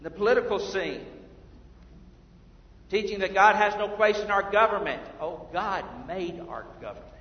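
A man preaching a sermon as pastor, swinging between hushed and loud passages. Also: high-pitched, animated, moderate pace. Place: church sanctuary. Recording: echoey hall from far off, dull lo-fi.

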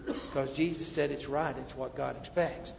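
A male pastor preaching a sermon, emphatic, then dropping to quiet asides. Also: mid-range voice, steady tone, normal speed, vocal fry, background noise. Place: church sanctuary. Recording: muffled, echoey church hall.

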